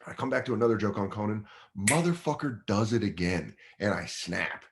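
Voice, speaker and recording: Low-voiced man telling a profane story. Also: brisk. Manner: profane, animated, acts out other people's voices. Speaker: guest comedian. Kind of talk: casual storytelling.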